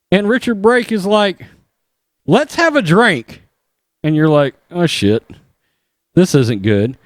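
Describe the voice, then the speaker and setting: A man hosting a podcast, retelling an episode in a casual, animated way, with asides and chuckles. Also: fairly high pitch, no room sound, studio quality. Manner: animated storytelling with asides and laughs. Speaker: podcast host.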